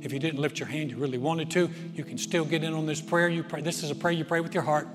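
Male pastor, sermon, earnest and repetitive, fairly high voice, long hall reverb, soft music behind. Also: steady tone, fast talker. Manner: earnest, repeats phrases, swings from loud to soft. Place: church auditorium. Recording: long reverb of a large auditorium, faint music.

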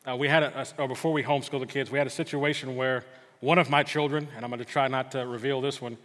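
Earnest middle-aged pastor in reverberant church. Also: male voice, mid-range voice, steady tone, fast talker, fairly bright tone. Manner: earnest storytelling, frequent stammered restarts. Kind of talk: sermon with personal story. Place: church sanctuary. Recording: long hall reverb.

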